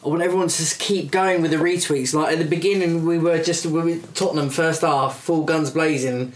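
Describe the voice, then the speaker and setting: Slightly high-voiced man in casual chat. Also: steady tone, a little fast, reverberant. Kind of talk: casual banter.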